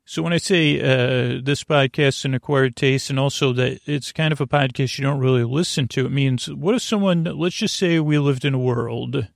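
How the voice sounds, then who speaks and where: A man hosting a sleep podcast, talking in a creaky voice and wandering off on tangents in a meandering bedtime ramble. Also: mid-range voice, normal speed, few pauses, no room sound, studio quality.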